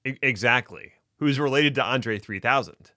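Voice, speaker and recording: A man co-hosting a podcast in casual banter, playful and jokey with deadpan bits. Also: medium pitch, moderate pace, no echo, studio quality. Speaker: podcast co-host.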